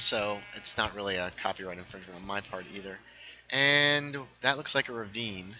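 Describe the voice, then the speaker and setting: A man with a very bright, sharp voice talks his way through a game livestream. He rambles from one thing to the next and reads viewers' comments out loud as he plays. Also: lowish voice, low-quality recording. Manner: rambling, reads chat aloud, quick asides. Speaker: livestream host playing a game. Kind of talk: casual gaming livestream chat.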